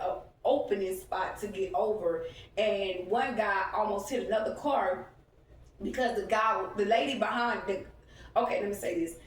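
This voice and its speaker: A woman's voice: mid-range voice, very echoey, distant mic, a little hiss or hum, poor audio. A young woman vlogging outdoors while walking along a street, telling a profane, heated story on her phone. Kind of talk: casual ranting vlog.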